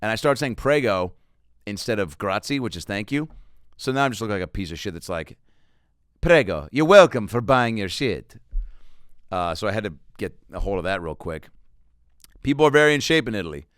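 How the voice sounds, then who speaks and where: A man's voice: lowish voice, expressive, fast talker, fairly bright tone, clean tone, no room sound, clean studio sound. A man hosting a comedy podcast, telling loose, profane travel stories and riffing with silly voices. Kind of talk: casual comedic monologue.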